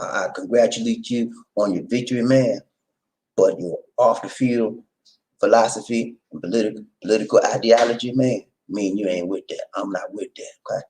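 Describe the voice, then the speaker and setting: A male channel host chatting casually with subscribers, playful and animated, leading call-and-response chants. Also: on the low side, poor audio. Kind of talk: casual livestream chat with subscribers.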